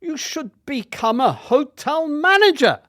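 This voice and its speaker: A man voicing a stern, gruff Welsh male schoolteacher with a loud, barking delivery. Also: very high voice, big pitch swings, a little slow, no room sound, studio quality, pitched above the performer's own voice, exaggerated voice.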